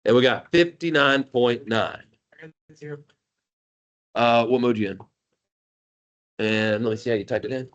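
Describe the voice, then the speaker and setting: A man teaching math to a class, animated and jokey, calling on students by name. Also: mid-range voice, unhurried, long pauses, lo-fi sound. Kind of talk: classroom lecture.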